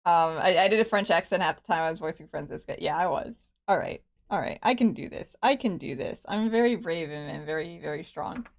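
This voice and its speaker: A woman's voice: on the low side, a little fast, gravelly, hardly any pauses. A woman streaming a story game from her home computer, chatting casually, laughing often and swearing freely. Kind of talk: casual live-stream commentary.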